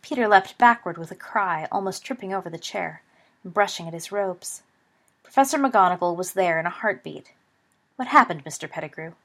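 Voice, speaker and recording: A woman narrating a story in a steady, even reading voice. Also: mid-range voice, moderate pace.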